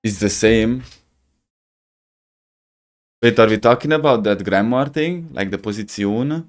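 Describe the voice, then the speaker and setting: A man's voice: mid-range voice, unhurried, pauses often. Laughing man rambling over a game. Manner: laughs often, rambling and joking, searches for words. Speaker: gaming streamer. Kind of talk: casual gameplay commentary.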